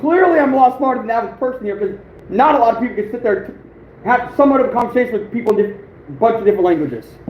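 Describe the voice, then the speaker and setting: An American outdoors channel host livestreams in an extremely high-pitched, expressive, racing voice. He chats in a rambling, boastful way and chuckles often, with roomy, dull lo-fi audio and faint noise.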